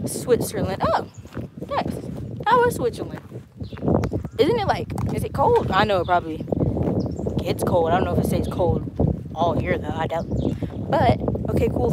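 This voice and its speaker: A woman hosting a travel vlog live stream while walking outdoors, chatting casually and reading viewer comments aloud. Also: mid-range voice. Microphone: handheld phone camera. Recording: noisy outdoor phone audio.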